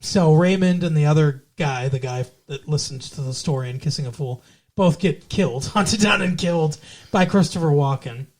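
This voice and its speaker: A man's voice: a little high, darkish tone. Casual swearing man reviewing a movie. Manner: swears freely, retells scenes with quick impressions. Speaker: podcast co-host.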